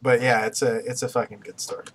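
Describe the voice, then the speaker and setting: A man's voice: mid-range voice, level tone, fast, slightly rough. A man co-hosting a podcast, chatting casually and joking around with lots of fillers. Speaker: podcast co-host. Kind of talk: casual chat.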